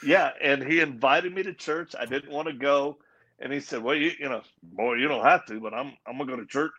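At a live event in a Christian coffee house, a man gives his personal testimony as an interview guest. His medium-pitched voice is brisk and sharp with a breathy edge. He tells the story earnestly and acts out the quoted dialogue.

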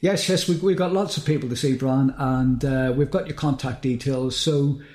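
A man's voice: mid-range voice, fairly even intonation, normal speed, a little mellow. A man co-hosting a podcast in easygoing comedic banter. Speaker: podcast co-host. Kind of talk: comedy sketch and casual chat.

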